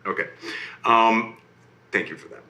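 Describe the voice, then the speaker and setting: A man telling a bedtime fairy tale to a child, animated and often checking in with "okay?" and "right?", recorded in an echoey room. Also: on the low side, a little slow, dull audio. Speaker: storyteller reading to a child. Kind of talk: bedtime story narration. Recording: roomy echo.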